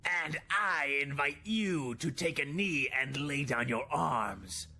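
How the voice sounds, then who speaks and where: A man voicing a monstrous, warp-tainted male inquisitor who speaks in a slow, cold, measured way. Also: on the high side, sharp tone, heavily acted. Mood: cold menace.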